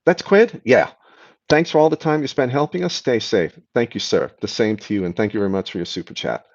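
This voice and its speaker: A man's voice: fairly low pitch, expressive, brisk, dull audio. A man hosting a live stream, casually answering chat questions and explaining things patiently, often restarting his sentences.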